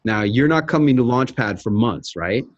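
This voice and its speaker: A man coaching someone through a pitch in a live webinar, brisk and demonstrative in a salesy way. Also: animated, dry recording, dull audio.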